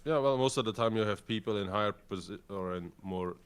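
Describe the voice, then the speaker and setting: A man's voice: lowish voice, brisk, clean tone. A man from Europe talking as a guest in a casual chat, blunt and wry.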